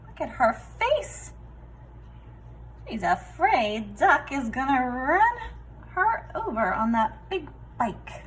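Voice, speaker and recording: A woman reading a picture book aloud to children, expressive and talking to them directly. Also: fairly high pitch, slow, poor audio. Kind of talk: children's story read-aloud.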